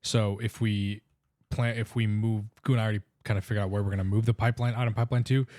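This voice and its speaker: A man's voice: lowish voice, flat delivery, quick pace, darkish tone, no room sound, studio quality. A man with an Indian accent streaming a game, explaining plans in a rambling, casual way. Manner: rambling, restarts sentences while explaining plans. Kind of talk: casual live-stream chat.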